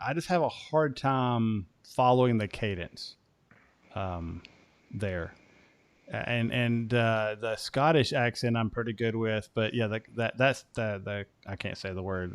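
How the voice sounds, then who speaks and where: An American man hosts a casual podcast chat, talking at a middle pitch. He rambles, restarts his sentences and leans on fillers. The sound is close and dry, with no room around it. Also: clean tone, no echo. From United States. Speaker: podcast host.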